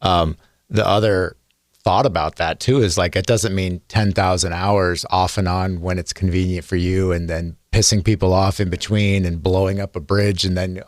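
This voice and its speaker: A middle-aged man from Southern California, a radio producer being interviewed, speaking thoughtfully with halting restarts. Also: low-pitched, steady tone, dry recording, studio quality. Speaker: radio executive producer, guest. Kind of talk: casual interview chat.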